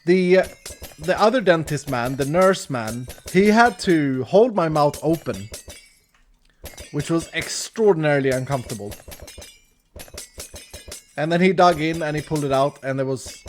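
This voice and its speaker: A man's voice: on the high side, normal speed, long pauses, a little hiss or hum. A man in his thirties from Sweden, speaking English as he animatedly tells a story while gaming on a live stream. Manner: animated, with restarts and laughter.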